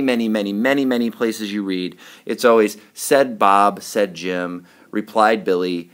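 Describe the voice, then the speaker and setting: A man teaching a writing lesson in a patient, explanatory way, often checking in with his students. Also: on the low side.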